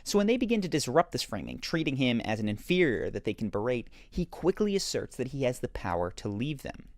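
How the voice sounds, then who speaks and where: A man narrating a scripted video essay that explains confident behavior, in a measured, explanatory way. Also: mid-range voice, very animated, no room sound, clean studio sound. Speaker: commentator analyzing a TV character.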